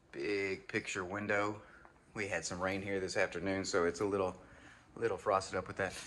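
A man's voice: deep voice, fairly bright tone, slight background noise. A man giving a casual, enthusiastic walkthrough of a new house, talking to viewers as y'all. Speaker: home tour host. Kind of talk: walkthrough home tour narration.

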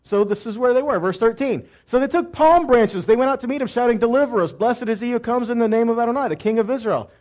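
A man teaching a sermon who asks questions and answers them himself, moving between loud cries and quiet asides. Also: very high-pitched, quick pace, few pauses. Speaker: messianic teacher.

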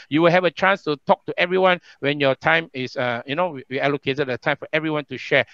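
A man's voice: on the high side, fairly quick, few pauses, a bit bright, smooth, dry recording, lo-fi sound. Chatty Singaporean man emceeing a video rally. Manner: chatty, repeats himself, many fillers. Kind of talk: online political rally hosting.

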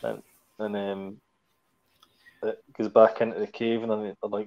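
A man's voice: lowish voice, flat delivery, measured pace. Guy co-hosting a podcast, eager, trails off a lot, kinda muffled lo-fi sound. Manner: enthusiastic, trailing off mid-sentence. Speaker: podcast co-host. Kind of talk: casual chat.

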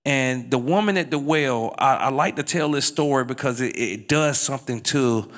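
Here a middle-aged man, invited as a guest speaker, tells the story of his life at a moderate pace. The narration stays low and hushed until he lifts his voice, loud and high, to exhort those listening.

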